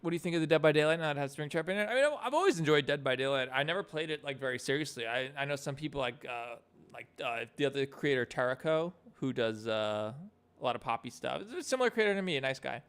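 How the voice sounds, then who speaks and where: A man's voice: mid-range voice, animated, fast, a bit bright, smooth. A young man casually chatting on a live stream about animation, rambling with lots of fillers.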